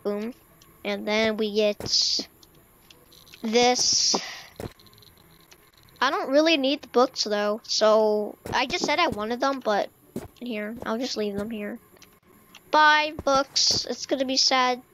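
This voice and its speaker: Young woman, high voice, gaming commentary, rambling, stammers a lot, faint background hum. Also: slow, pauses often, a bit bright, low-quality recording. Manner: rambling, stammers, many fillers. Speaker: gaming YouTuber. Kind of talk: casual let's-play commentary. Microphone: desk microphone.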